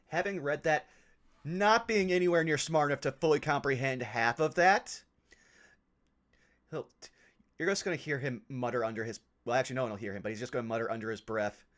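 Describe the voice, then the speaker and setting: A man playing a tabletop game, describing his character's actions in a halting, self-correcting, sheepish way. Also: mid-range voice, fairly bright tone. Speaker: player. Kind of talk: tabletop role-play narration.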